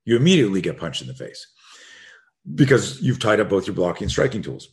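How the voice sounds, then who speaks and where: A self-defense coach, a man, telling a story as a podcast guest, frank and animated, acting out the dialogue as he goes. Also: fairly low pitch, fast. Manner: animated, re-enacts dialogue in vivid bursts; frank and profane.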